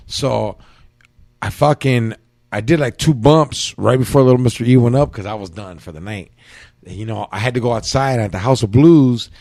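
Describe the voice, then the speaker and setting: Man, podcast host, slangy, profane, animated storytelling. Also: mid-range voice, moderate pace. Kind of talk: casual storytelling chat.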